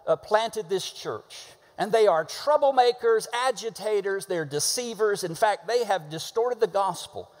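A pastor preaching a sermon, animated and conversational, asking the congregation to repeat words with him and punching key words hard. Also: male voice, high-pitched, in a large hall. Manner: animated, with sudden shouted emphasis and call-and-response.

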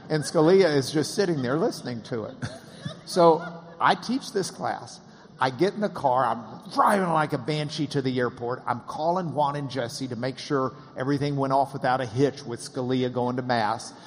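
A man telling an animated anecdote in a casual way, acting out the quoted voices and laughing now and then. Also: medium pitch, normal speed, a little hiss or hum. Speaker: interviewer and storyteller. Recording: long hall reverb.

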